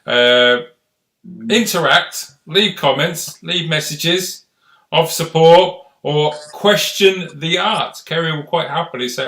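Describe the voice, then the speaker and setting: A man's voice: a little high, slow, sharp tone, roomy sound. A man hosting a casual live-stream chat, chatty and rambling in an encouraging way. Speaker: host.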